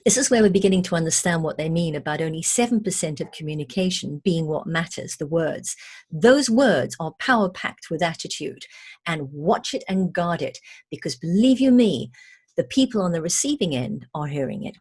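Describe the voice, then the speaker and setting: A woman's voice: on the low side, lively intonation, normal speed, a little mellow, husky. A woman communication trainer giving a recorded lesson, emphatic and playful in a teacherly way.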